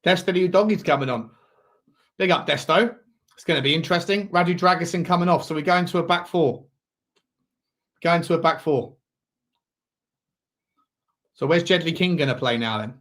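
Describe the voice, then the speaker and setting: A man hosts a live football watchalong, calling play and chatting to his viewers in a fairly high voice. He turns excitable and shouts when a chance comes, then settles back into easy chat. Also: normal speed, pauses often. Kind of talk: live match watchalong commentary.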